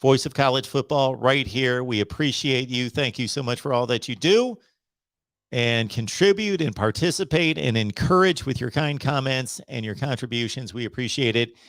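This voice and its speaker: A middle-aged man hosting a sports call-in livestream, talking emphatically and slowing down to drive his points home. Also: mid-range voice, fairly bright tone, no echo. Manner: emphatic, preachy, slows down to stress points. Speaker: host of a college football call-in show. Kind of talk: casual livestream monologue.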